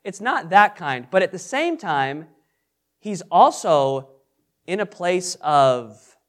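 A man's voice: high voice, sing-song, slow pace, fairly bright tone. A man teaching an interactive Bible study, asking the group questions and repeating their answers. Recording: echoey room with background noise.

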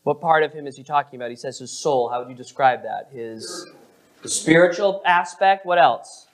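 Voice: medium pitch, normal speed. A pastor preaching a sermon, asking the congregation questions and stressing words expressively.

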